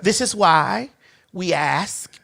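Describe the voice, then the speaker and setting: A woman's voice: lowish voice, expressive, slow, creaky. Brash, profane woman hosting a talk show. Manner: loud, profane and emphatic. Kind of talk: brash casual chat.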